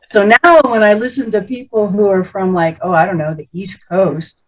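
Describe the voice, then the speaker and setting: A middle-aged woman voice coach teaching about the speaking voice, animated and playful, often demonstrating how others talk. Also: medium pitch, moderate pace, hardly any pauses, low-quality recording.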